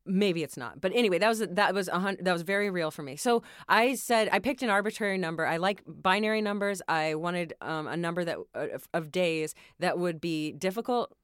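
Woman in her 30s, frank and profane, smooth clear voice, dry studio sound. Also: on the low side, fairly quick, few pauses, dry recording. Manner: frank, profane, self-deprecating. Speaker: podcast guest. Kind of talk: candid conversational interview. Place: recording studio.

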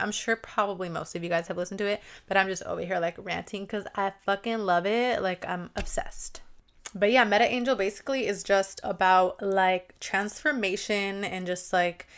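A woman's voice: mid-range voice, a bit bright, smooth. A young woman hosting a solo podcast, chatting casually and swearing often, with many "like"s. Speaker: podcast host.

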